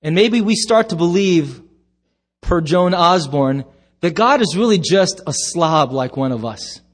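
Middle-aged guy pastor preaching, goes loud then drops way quiet, voice a bit high. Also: animated, a little slow. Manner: emphatic, swings from loud to hushed. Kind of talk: sermon.

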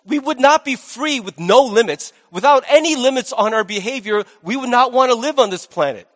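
A male pastor delivers a sermon in a loose, conversational way, dropping jokey asides between points. His voice sits fairly high for a man. A long reverb from a large church hall hangs behind him. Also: expressive, fairly quick, a bit bright.

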